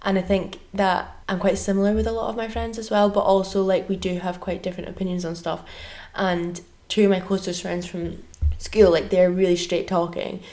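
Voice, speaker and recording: A woman's voice: mid-range voice, flat delivery, a little fast, hardly any pauses, dark tone. A young woman in casual chat, telling stories earnestly. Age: 20s.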